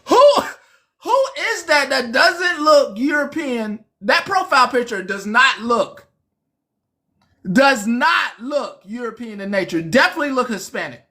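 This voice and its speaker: A woman's voice: a little high, big pitch swings, takes it slowly, long pauses, sharp tone. A woman hosting a casual live-stream commentary, mocking and preachy, hammering her points home by repeating phrases. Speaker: host.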